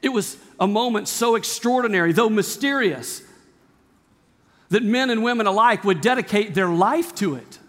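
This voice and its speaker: A man's voice: high-pitched, lively intonation, moderate pace, big-room sound. A male pastor preaching a sermon, emphatic, with repeated phrases and rhetorical questions. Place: church sanctuary.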